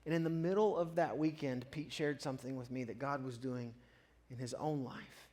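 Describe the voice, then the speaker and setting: A pastor preaching a sermon, telling a personal story with earnest honesty and swelling louder as his feelings rise. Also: medium pitch, steady tone, moderate pace.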